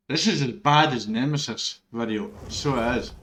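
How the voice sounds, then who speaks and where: A man giving live gameplay commentary, swearing often and bursting into loud, frustrated outbursts. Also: medium pitch, normal speed, rough recording. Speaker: gaming video creator.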